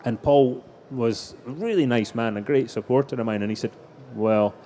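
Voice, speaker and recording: A man's voice: mid-range voice, fairly quick, dark tone, slight background noise. A middle-aged man telling anecdotes as a guest in a live stage interview. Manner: anecdotal storytelling, frequent restarts. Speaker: racing driver guest.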